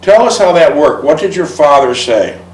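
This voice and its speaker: Host reading aloud in an echoey room. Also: male voice, a little high, lively intonation, normal speed. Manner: reads aloud steadily, then asks friendly, prompting questions. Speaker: interviewer and host. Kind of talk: reading a memoir aloud and interviewing. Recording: roomy, distant mic.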